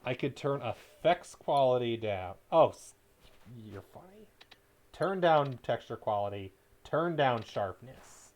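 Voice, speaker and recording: A man at a desk mic gives live gameplay commentary as a streamer, with a voice of ordinary middle pitch. He chats easily with his viewers and breaks into loud, excited yelling during tense moments. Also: slow pace. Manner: chatty, talks to chat, bursts into loud excited yelling. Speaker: game streamer.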